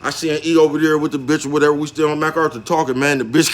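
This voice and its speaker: A man's voice: a little high, fairly even intonation, racing, few pauses. A man telling a street story in casual slang, laughing through his words.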